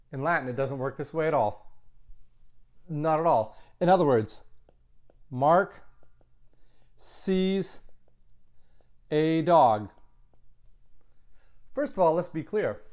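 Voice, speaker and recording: A man teaching a Latin grammar lesson, explaining step by step and repeating key words slowly. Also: a little high. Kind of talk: recorded classroom lecture.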